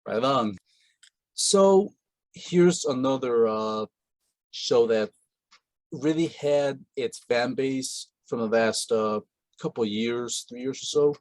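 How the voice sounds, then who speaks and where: A man's voice: mid-range voice, takes it slowly, a little mellow, no echo. A man hosting a casual interview, talking in long rambling stretches with many fillers and restarts. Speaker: podcast host.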